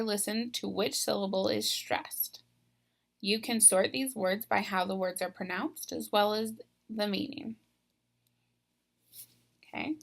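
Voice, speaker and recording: A woman teaches a lesson on video, patiently guiding listeners through each step and pausing to think aloud. Her voice sits at a middle pitch with a gravelly fry running through it. The delivery is plain and instructional. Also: a bit bright.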